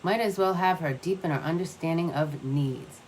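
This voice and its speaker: A wise old grandmother speaks in a low, calm and gentle voice, as a woman narrator voices her. She takes her time over each sentence. A faint room hum lies under her words. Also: moderate pace, close to an everyday voice, low-quality recording.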